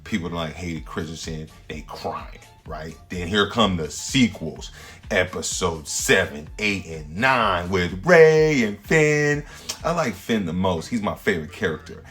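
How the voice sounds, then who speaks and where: A man, a standup comedian hosting his own show, rambling through a slangy, playful comedic monologue with sudden loud jumps. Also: low voice, expressive, a little slow, faint music behind.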